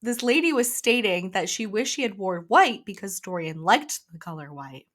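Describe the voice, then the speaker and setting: A woman co-hosting a book club podcast, summarizing chapters in a relaxed, casual way with lots of fillers. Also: medium pitch, normal speed. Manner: relaxed retelling with many "like" fillers. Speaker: podcast co-host.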